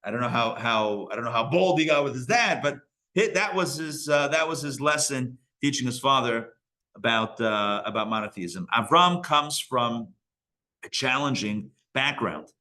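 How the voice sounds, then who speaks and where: A man's voice: medium pitch, animated, normal speed, bright, forceful tone. A man teaching a live Torah class as a rabbi, casual and joking with frequent digressions. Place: synagogue learning center.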